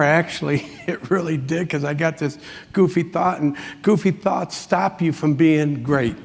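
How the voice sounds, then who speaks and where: Gravelly high-voiced man telling folksy stories. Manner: folksy anecdotes with frequent chuckles. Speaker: motivational speaker. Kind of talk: motivational keynote storytelling. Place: large conference hall. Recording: long hall reverb.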